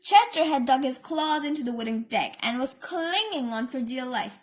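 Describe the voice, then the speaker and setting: A woman reading a children's storybook aloud, expressive, with asides about the pictures. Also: sits high, moderate pace.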